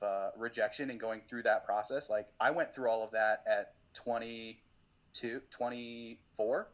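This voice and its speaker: A young adult man, a musician guest on a podcast, talking casually and rambling a lot. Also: lowish voice. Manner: rambling, many "like" fillers. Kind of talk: casual conversation.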